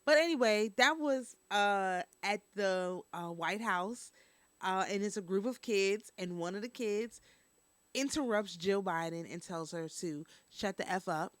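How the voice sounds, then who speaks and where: A woman's voice: medium pitch, measured pace, fairly bright tone, dry recording. A woman hosting a casual news and review stream, chatting straight to her viewers.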